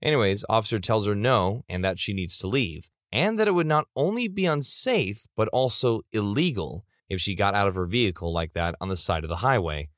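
Animated male story narrator. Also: lowish voice, fairly quick, few pauses, dry recording, studio quality. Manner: animated, with playful asides. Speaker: narrator of reader stories.

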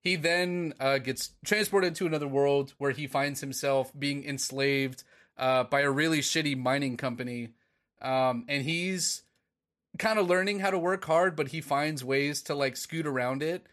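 A man's voice: on the high side, a little slow, fairly bright tone. A man co-hosting a podcast in a rambling, casual chat, swearing and laughing often. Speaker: podcast co-host.

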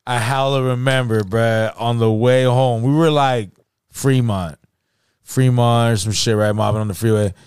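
A man's voice: medium pitch, fairly even intonation, normal speed, a little mellow, clean tone. Slangy man telling a story. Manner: profane slangy storyteller, acts out quotes, laughs often. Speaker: podcast host. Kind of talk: casual storytelling chat.

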